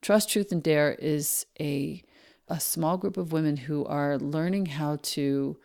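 Low gravelly-voiced woman podcast host. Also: steady tone, takes it slowly, a little mellow. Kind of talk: warm podcast read and interview intro.

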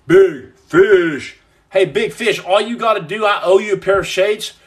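A man hosts a casual livestream podcast, reading viewer comments aloud and riffing on them with jokes. His voice sits notably high for a man. He rambles happily, tossing out playful nicknames. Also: a little slow. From United States.

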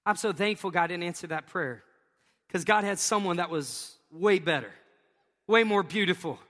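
A man's voice: high voice, normal speed, fairly bright tone. A middle-aged man preaching a sermon as a pastor, telling stories with joking asides and laughing at his own jokes. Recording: long reverb of a large hall.

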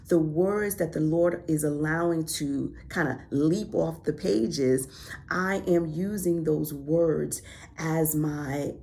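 A woman's voice: low voice, creaky, a little mellow, a little hiss or hum. A woman hosting a devotional podcast, teaching from the Bible in a reflective way, lingering on key words and building to emphatic, preacher-like lines. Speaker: podcast host.

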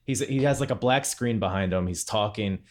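A man's voice: on the low side, a little fast. A man hosting a casual podcast chat, laid-back, laughing often and swearing casually. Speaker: podcast host.

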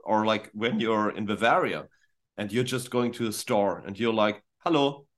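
A man from northern Germany speaks English with a German accent. He chats casually as a podcast guest, telling stories in an animated way with lots of quick restarts. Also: on the low side. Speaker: guest musician.

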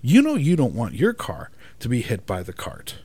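A man's voice: medium pitch, wildly swooping pitch, moderate pace, warm tone, slightly rough, no echo. A man ranting in a profane monologue, exasperated and emphatic, swearing constantly and often asking "right?" for agreement.

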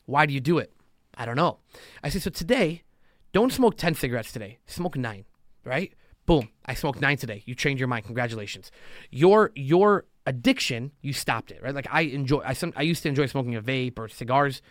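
A man in an even middle voice talks on at length, as a podcast guest on a roll. He keeps swinging into quoted voices to drive his points home. The sound is dry and close. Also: medium pitch, no room sound. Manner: talks fast in long motivational runs, acts out quotes. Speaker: podcast guest, loan officer. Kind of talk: casual podcast talk.

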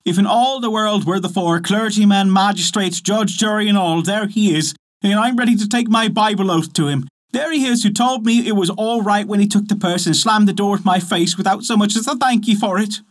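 A woman's voice: mid-range voice, a little fast, pitched above the performer's own voice, lightly acted. A man voicing an indignant peasant wife. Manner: emphatic, insistent. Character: poor honest peasant wife, indignant and earnest.

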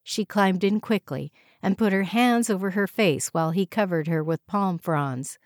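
A woman narrating a story in a calm, measured audiobook reading. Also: mid-range voice, no echo, clean studio sound.

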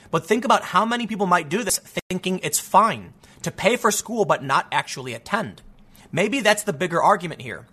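A man hosting his own commentary show speaks in a high, somewhat raised, bright and forceful voice. Conversational and opinionated, he thinks aloud, restarting often and adding asides as he weighs both sides of an issue.

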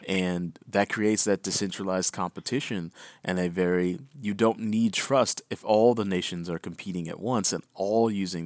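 Deep-voiced man reading crypto headlines. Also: no room sound. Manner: reads headlines, then explains loosely with "right?" asides. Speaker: podcast co-host. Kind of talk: casual news read and chat.

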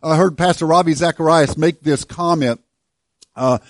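A man's voice: a little high, moderate pace, no echo, studio quality. A middle-aged man preaching a sermon as pastor, conversational and self-deprecating, with frequent restarts and light humor.

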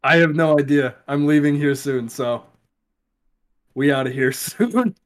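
A young man chatting on a podcast, loose, profane and emotional, laughing often. His voice sits a little high. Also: measured pace. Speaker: podcast guest, soldier. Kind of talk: casual chat.

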